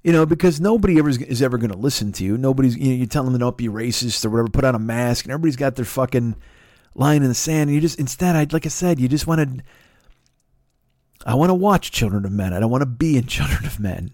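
In a mid-range voice, this Midwestern podcast host talks fast over clean, echo-free studio audio. He's middle-aged and from Chicago, USA. He rants loosely, swearing heavily and stumbling back to restart his thoughts.

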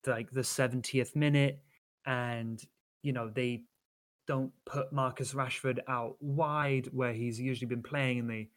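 A man co-hosting a football chat in a mid-pitched everyday voice. He talks earnestly and critically, circling back with restarts and fillers. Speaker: podcast co-host.

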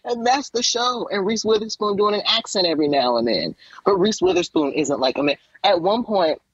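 A man co-hosts a podcast in casual chat and rambles through an animated retelling. His voice is husky and fairly high, with a lively, swooping pitch. The sound is dry and a bit dull. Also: a little fast, no room sound. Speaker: podcast co-host.

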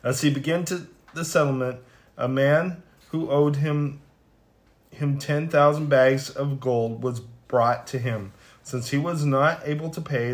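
A man reading scripture passages aloud in plain, unhurried reading with small stumbles, then closing in prayer. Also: mid-range voice. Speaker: scripture reader.

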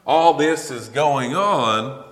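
A man preaching a sermon, animated and emphatic, often repeating and restarting phrases. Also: medium pitch, extremely slow. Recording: echoey hall with long reverb.

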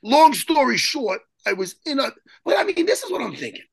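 A man telling a story as a guest in an interview, excitable and profane, rambling and restarting his sentences. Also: very high-pitched, brisk, creaky, no echo. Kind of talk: animated storytelling in a podcast interview.

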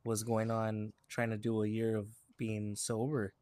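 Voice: medium pitch, completely flat delivery, a little slow, a little mellow. Podcast co-host who laughs a lot. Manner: laughs often, teasing questions. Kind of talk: casual chat.

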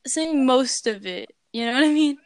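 A woman with a fairly high, smooth and clear voice chats casually on a podcast. She teases her co-host, giggles often and swears offhandedly, and her voice sounds dry and close to the mic. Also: animated, normal speed, darkish tone, no echo.

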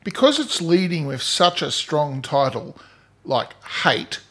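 A man's voice: a little high, very animated, slow pace, a bit bright, husky. A man co-hosting a podcast, teasing and rambling in casual chat. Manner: teasing, rambling, laughs a lot. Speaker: podcast co-host.

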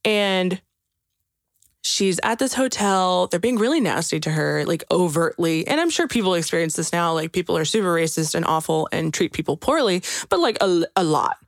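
A woman recapping a movie in casual chat, talking in an animated way with lots of "like" and restarts. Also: lowish voice, moderate pace, no room sound, clean studio sound. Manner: chatty, animated, many likes and restarts. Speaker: podcast co-host recapping a film.

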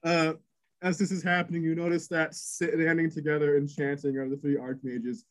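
A man running a tabletop game, slightly higher-voiced than most men. He narrates the chaos in bursts, swearing freely and padding the pauses with ums and uhs. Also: flat delivery, rough recording. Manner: rapid, crude narration full of fillers. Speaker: game master.

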